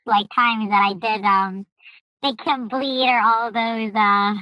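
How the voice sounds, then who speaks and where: A woman's voice: on the high side, fairly even intonation, slow pace, no echo. A woman guest asking for advice, giving short wry replies and laughing easily, heard through a dull, somewhat distant mic. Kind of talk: casual conversation.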